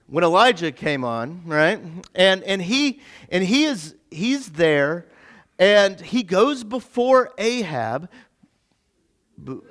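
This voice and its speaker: A male pastor giving a casual, interactive sermon in a church, chatty and stumbling over his words, acting out the characters' lines in quick asides. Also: sits high, fairly bright tone, clear, resonant tone. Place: church sanctuary.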